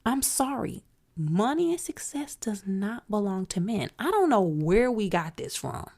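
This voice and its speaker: A woman's voice: mid-range voice, very animated, a little slow, vocal fry, darkish tone. A woman hosting a solo commentary podcast, outspoken and emphatic, talking straight to her listeners. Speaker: podcast host.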